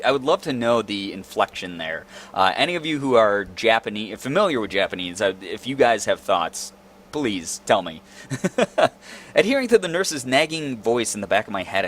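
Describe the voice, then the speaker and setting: A man's voice: lowish voice, a bit bright, slight background noise. A young man reading a visual novel aloud and adding playful, joking commentary, over faint guitar music. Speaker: let's play host.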